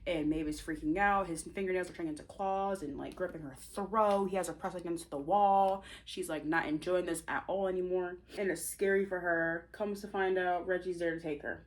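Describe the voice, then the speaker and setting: Chatty young woman, slightly low voice. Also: moderate pace, few pauses. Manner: animated, chatty, slangy. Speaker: vlogger and author. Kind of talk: casual storytelling chat.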